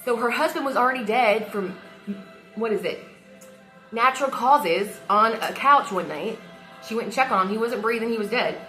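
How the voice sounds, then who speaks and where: A woman's voice: a little high, normal speed, bright, forceful tone, faint music behind. A woman venting heatedly into her phone camera, swearing often as she talks. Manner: heated and emotional, frequent swearing. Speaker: vlogger. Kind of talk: casual rant to camera.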